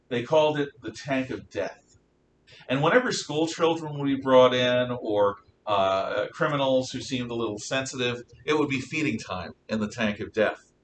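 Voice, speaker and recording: A male Bible class teacher talks in an emphatic, conversational style, posing questions and answering them himself. His voice is bright and crisp, picked up from some distance in a classroom with a faint rumble behind.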